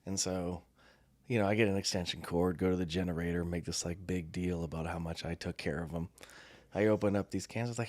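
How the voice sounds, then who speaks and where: A man's voice: sits low, steady tone, fairly quick, a little mellow, no room sound. A middle-aged man, a former Marine, co-hosting a podcast and telling stories casually, laughing often. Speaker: podcast co-host. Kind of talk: casual storytelling chat.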